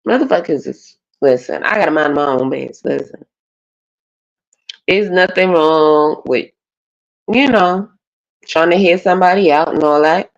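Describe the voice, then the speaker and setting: On a live stream panel, a woman rants bluntly and profanely in a casual way. Her voice is low, her pace moderate, and she leaves long pauses, all captured in dull lo-fi stream audio.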